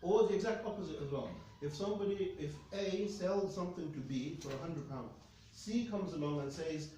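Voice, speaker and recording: A man's voice: on the high side, a little fast, mellow, slight background noise. A man teaching a religious lesson to students, emphatic and often checking in with "okay?". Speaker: Islamic studies teacher. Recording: echoey room, mic at a distance.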